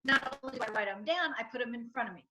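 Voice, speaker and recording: A middle-aged woman, a financial advisor and entrepreneur, is an enthusiastic interview guest who tells stories with acted-out quotes, repeating her points emphatically for effect. Her slightly high voice is animated and rapid-fire, with background noise present.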